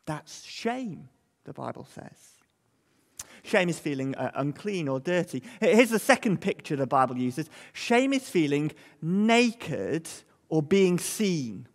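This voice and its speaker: A man preaching an all-age sermon, telling little stories and acting out the voices of scolding parents and teasing children. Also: on the high side. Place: church. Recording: long echo from a large church hall.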